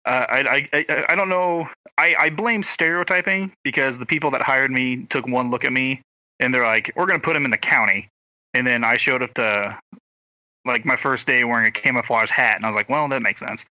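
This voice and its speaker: A man's voice: medium pitch, fairly even intonation, normal speed, sharp tone, no room sound, low-quality recording. A young man with a rural Oklahoma accent, telling a rambling story and acting out what people said, in a casual chat with his brothers. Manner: rambling storyteller, acts out quotes. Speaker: podcast co-host, brother.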